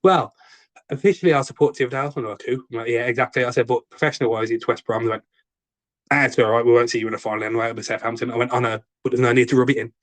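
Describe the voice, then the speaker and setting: A man's voice: mid-range voice, very fast, no echo. A man with a West Midlands accent co-hosting a podcast, telling an anecdote in casual chat and acting out the people in it, laughing often. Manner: animated storyteller acting out quoted dialogue, laughs often. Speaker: podcast co-host.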